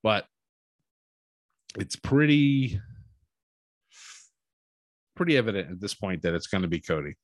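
A man recapping a wrestling show in a casual, animated storytelling way, acting out what people said. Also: fairly low pitch, measured pace, long pauses, dry recording. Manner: animated storytelling, acts out quotes.

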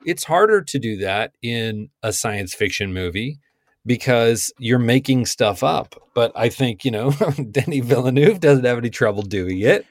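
A middle-aged man co-hosting a podcast, talking films in an animated, wry way. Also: medium pitch, measured pace, no room sound. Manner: animated, wry, acts out lines in voices. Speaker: podcast co-host. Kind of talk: casual film discussion. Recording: dry close sound.

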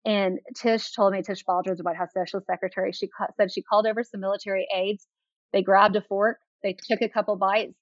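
A woman's voice: mid-range voice, little pitch movement, a little fast, no echo. A woman guest in an interview telling enthusiastic stories with frequent fillers. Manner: enthusiastic, anecdotal, many fillers. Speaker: author guest. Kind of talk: interview storytelling. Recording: dull lo-fi sound.

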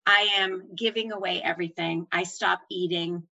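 A middle-aged woman telling her own story, acting out the voices of doctors and herself with animated swings of pitch. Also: normal speed, vocal fry, poor audio. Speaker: former nurse manager telling her story. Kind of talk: personal storytelling.

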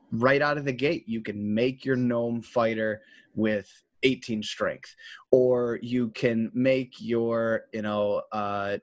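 A man's voice: medium pitch, no echo. A man hosting a tabletop gaming podcast as game master, explaining rules in casual chat with offhand swearing.

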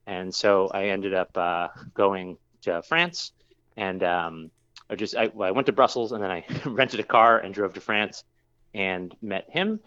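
A man's voice: deep voice, a little slow, a bit bright, dull audio. A man who works as a brewer, telling a long story in a casual interview, rambling with lots of fillers and restarts.

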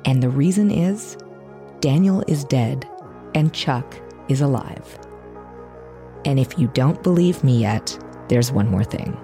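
True crime podcast host, calm wry narration, music under it. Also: female voice, rumbling low, full character voice. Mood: steady. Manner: measured, wry and reflective. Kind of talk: scripted narration.

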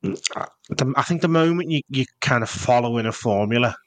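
Scouse man, blunt and jokey, mid-pitched voice, dry close sound. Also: expressive, moderate pace, no echo. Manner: blunt, jokey, swears freely. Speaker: guest copywriter. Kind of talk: casual interview chat.

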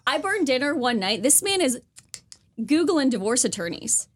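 A woman guest on a sports podcast, joking and animated. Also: high voice, normal speed. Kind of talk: casual sports chat.

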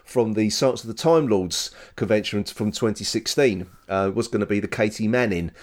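A man's voice: fairly low pitch, normal speed. A man co-hosting a podcast in casual, rambling chat, often restarting and joking. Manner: rambling, self-correcting, joking. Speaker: podcast co-host.

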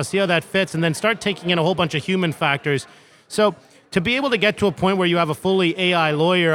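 A tech company co-founder with a somewhat high, sharp-toned voice answers interview questions eagerly, full of fillers and restarts. He is recorded outdoors in a city.

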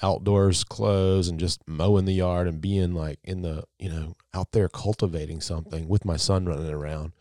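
A man's voice: sits low, steady tone, normal speed, few pauses, mellow, no echo, clean studio sound. A man chatting casually on a podcast, agreeable and reflective, with lots of fillers. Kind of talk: casual chat.

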